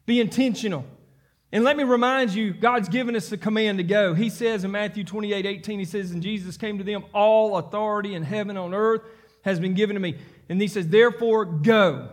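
A male pastor delivers a sermon. His voice sits high for a man and climbs into fervent, near-shouted emphasis as he reads scripture and exhorts the congregation. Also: steady tone, normal speed.

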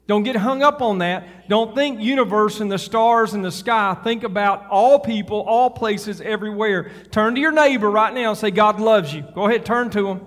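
A man's voice: high-pitched, moderate pace, few pauses, fairly bright tone, in a large hall. A male pastor preaching a fervent sermon to his congregation, building up to hollering. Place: church sanctuary.

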